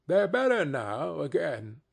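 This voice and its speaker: A man reading aloud and voicing a grieving mother, keeping a steady, cheerful tone that wavers, in a raised, husky voice. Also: on the high side, takes it slowly, full character voice. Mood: tender.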